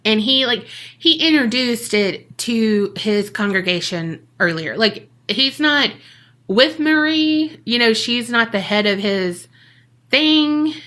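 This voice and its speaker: Taking it slowly, a woman with a slightly high voice co-hosts a podcast and relates a casual story. Animated and profane, she voices the people she quotes using slang.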